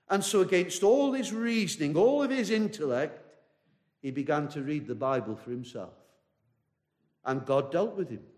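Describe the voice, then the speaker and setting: A male pastor preaching a sermon in an earnest, repetitive style, speaking directly to the listener. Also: fairly high pitch.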